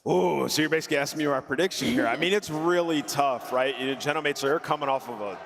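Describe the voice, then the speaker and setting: A man's voice: fairly high pitch, quick pace, creaky, fairly bright tone, in a large hall. A man giving predictions as an esports analyst guest, thoughtful and hedging. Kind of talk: desk analysis chat.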